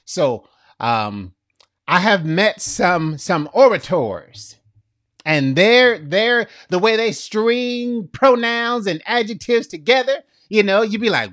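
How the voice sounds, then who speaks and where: A middle-aged man preaching a sermon in an animated way, often laughing at his own jokes. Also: sits high, slow, no echo, clean studio sound. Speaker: pastor.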